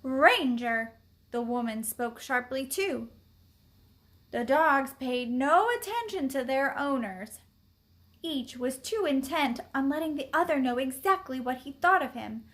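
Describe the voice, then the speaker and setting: Slow bright-voiced woman reading a children's story. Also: high-pitched. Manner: expressive, deliberate. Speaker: story reader. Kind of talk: children's book read-aloud.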